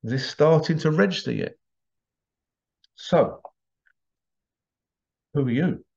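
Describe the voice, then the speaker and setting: A man hosting a show, giving a monologue with animated storytelling and rhetorical questions. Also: fairly high pitch, slow, vocal fry, dull audio. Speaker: host. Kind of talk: monologue commentary.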